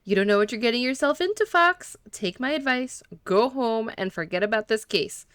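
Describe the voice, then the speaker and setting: A woman's voice: a little high, animated, normal speed, a bit bright, clean tone, no echo, studio quality, pitched above the performer's own voice. A woman voicing a guarded, prickly woman suspect who speaks curtly and defensively. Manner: curt and defensive.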